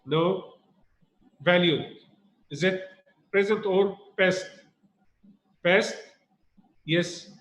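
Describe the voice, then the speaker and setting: A man teaching a grammar lesson, speaking slowly and deliberately, repeating key words and asking checking questions. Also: high-pitched. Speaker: English teacher. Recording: roomy echo.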